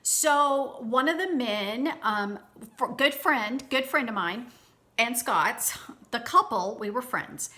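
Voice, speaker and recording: A woman with a bright, slightly high voice recounts a personal story for her viewers. She talks in a chatty, animated way, often restarting her sentences and speaking to the audience directly. The delivery sounds like a casual storytime video. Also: takes it slowly. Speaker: vlogger.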